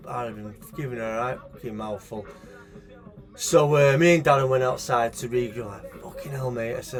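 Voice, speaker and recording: Middle-aged Manchester bloke, sweary casual storyteller, mid-pitched voice, faint music behind. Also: male voice. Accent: Manchester English. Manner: swears freely, animated, acts out voices in the anecdote. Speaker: shop owner telling a story.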